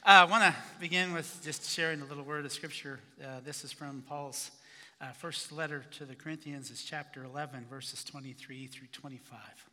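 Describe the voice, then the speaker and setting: A man preaching a conversational sermon as a pastor, halting and restarting his phrases. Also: on the high side, fairly even intonation, bright, forceful tone, in a large hall.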